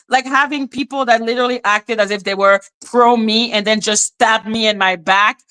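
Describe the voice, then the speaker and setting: A woman's voice: a little high, animated, normal speed, hardly any pauses, sharp tone, clear, resonant tone. A woman hosting a livestream, talking in a heated, rambling way with many "like" fillers. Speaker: livestream host. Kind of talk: casual livestream rant.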